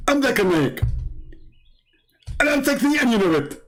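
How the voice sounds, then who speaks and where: A man's voice: very high-pitched, sing-song, normal speed, a bit bright, pitched above the performer's own voice, heavily acted. A man putting on the voice of a smug, mocking male preacher who taunts and giggles. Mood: taunting.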